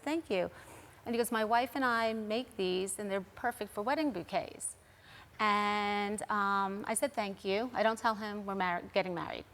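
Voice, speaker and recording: A woman's voice: mid-range voice, fairly bright tone. A middle-aged woman, a guest on a TV talk show, earnestly recounting a personal story and quoting what others said. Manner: earnest, recounting events with quoted dialogue.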